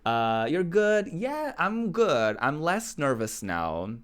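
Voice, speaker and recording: A man's voice: on the high side, huge pitch swings, takes it slowly, fairly bright tone, clean tone. A man streaming a game, chatting casually with his viewers, giggling often and answering chat aloud. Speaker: Twitch streamer.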